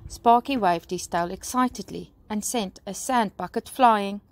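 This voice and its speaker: Teacher lady reading a kids' story outside, slow and gentle. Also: medium pitch. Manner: slow, warm storytelling to children. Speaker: primary school teacher. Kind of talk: bedtime story read-aloud. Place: outdoors.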